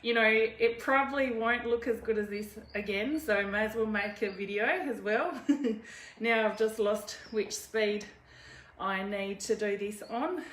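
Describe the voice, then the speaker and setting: Speaking at a measured pace in a mid-range, somewhat bright voice, a cooking video host leads a live demo at home, chatty and meandering with frequent laughter between steps. The kitchen sounds echoey, with slight noise behind her.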